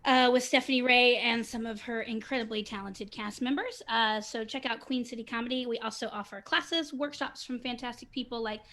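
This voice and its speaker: A woman's voice: fairly high pitch, steady tone, a little fast, hardly any pauses, fairly bright tone. A woman enthusiastically promoting a comedy theater over a video call, with small slips. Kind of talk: promotional announcement.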